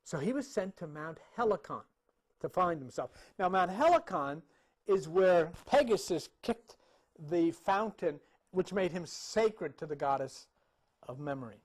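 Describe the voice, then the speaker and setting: A man with a high voice retells an old myth while pointing out paintings. His delivery is casual and conversational, full of restarts and the odd chuckle. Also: expressive, unhurried. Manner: chatty, laughs and restarts, conversational fillers. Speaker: speaker telling a myth about paintings. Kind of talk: casual storytelling talk.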